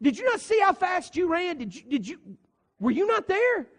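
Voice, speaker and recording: A man voicing an impatient male companion who scolds loudly and bossily. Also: extremely high pitch, big pitch swings, very slow, voice pushed up, exaggerated voice. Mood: exasperated. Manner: loud, exasperated, bossy. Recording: long reverb of a church hall.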